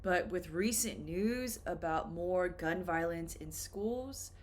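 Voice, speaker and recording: A woman teaching English, explaining patiently with simple examples in a slow, careful lesson. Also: lowish voice, slight background noise.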